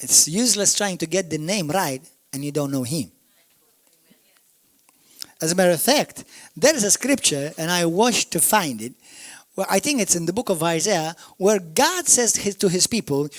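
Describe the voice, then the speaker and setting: Maltese accent pastor guy preaching hard, big swings loud to quiet, very animated. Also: high voice, moderate pace, no echo. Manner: emphatic, swings from shouts to murmurs. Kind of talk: sermon. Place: church.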